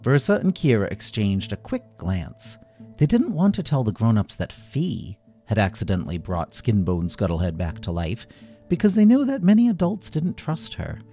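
A man narrating a children's story in an animated way, acting out every character himself. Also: lowish voice, normal speed, faint music behind.

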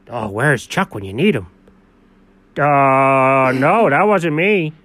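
A man co-hosting an improvised comedy show, playing the exasperated straight man in quick back-and-forth. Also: medium pitch, animated, fairly bright tone, dry recording. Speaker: comedy co-host.

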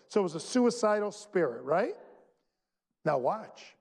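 Animated preaching man in an echoing hall. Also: high-pitched, gravelly, slightly rough. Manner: animated, emphatic preaching with dramatic pauses. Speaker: pastor. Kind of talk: sermon. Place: church sanctuary. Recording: long reverb in a large hall.

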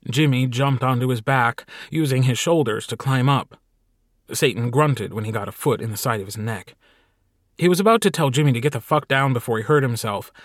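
A man narrates a short story in an even, steady way. The recording is close and dry, with no room sound. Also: mid-range voice, dry recording. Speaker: audiobook narrator. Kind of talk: scripted narration.

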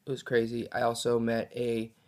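A man's voice: medium pitch, completely flat delivery, moderate pace, a little mellow. A young man hosting a podcast in an upbeat, chatty way. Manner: upbeat, chatty, lots of fillers. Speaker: podcast host. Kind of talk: casual podcast chat.

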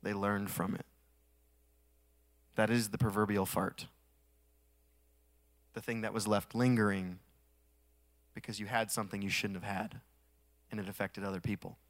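A man preaching a sermon in a conversational way, swelling to emphatic peaks and dropping to quiet asides, with touches of humor. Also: on the low side, little pitch movement, normal speed, long pauses, dry recording. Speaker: pastor.

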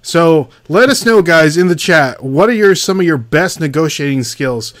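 A man's voice: a little high, expressive, moderate pace, fairly bright tone, no echo. A man hosting a casual livestream, greeting viewers by name and reading their chat comments aloud. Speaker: livestream host.

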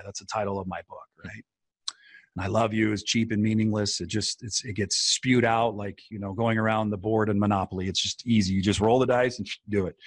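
A man of medium pitch, recorded with no room sound, speaks in casual conversation as a podcast guest or co-host and author. He's earnest and reflective about feelings, wandering through his thoughts with many fillers.

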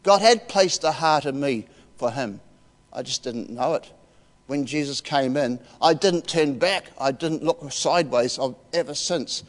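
A man's voice: medium pitch, measured pace. A man, giving a heartfelt, emotional personal testimony as a preacher in a church. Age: 60s. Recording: reverberant church hall.

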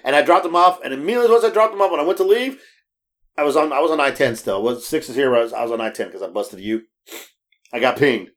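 A medium-pitched, fast-talking man tells stories while chatting casually as a podcast co-host. Expect frequent laughter, free swearing, lots of restarts, and animated impressions of the people he quotes.

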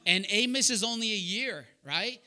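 A man's voice: high-pitched, moderate pace, bright, forceful tone. A man preaching a sermon to a young adults group, earnest and direct, telling personal stories and calling on listeners by name. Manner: calls on listeners by name and asks them questions. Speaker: preacher leading a young adults Bible study.

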